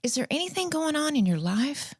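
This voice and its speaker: A woman in her fifties hosting a podcast, chatting casually and telling her story with animated restarts. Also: high voice, a little fast, no room sound, clean studio sound. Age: 50s. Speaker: podcast host. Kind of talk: casual chat.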